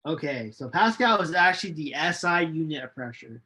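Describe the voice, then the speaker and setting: A male chemistry lecturer giving a recorded online lecture, unhurried and hesitant, with many ums and restarts. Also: fairly high pitch, animated, bright, forceful tone. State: losing his voice, coughing.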